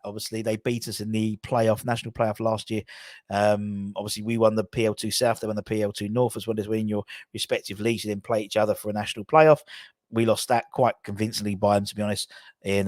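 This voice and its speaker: A man's voice: lowish voice, dry recording, studio quality. Chatty man rambling about football. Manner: rambling, self-correcting, chatty. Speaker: football channel host. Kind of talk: casual commentary.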